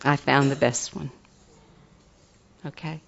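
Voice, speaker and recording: A woman's voice: rumbling low, steady tone, slow pace, creaky, fairly bright tone, a little hiss or hum. Folksy older woman, muffled. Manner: earnest, folksy, turns enthusiastic and laughing. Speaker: recovery meeting speaker. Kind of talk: personal testimony talk.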